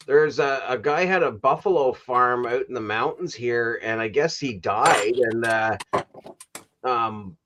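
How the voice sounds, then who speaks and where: A man's voice: medium pitch, fairly bright tone, muffled recording, slight background noise. A man from Canada hosting a casual livestream chat, telling rambling stories full of fillers and restarts and laughing at his own stories. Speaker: livestream host.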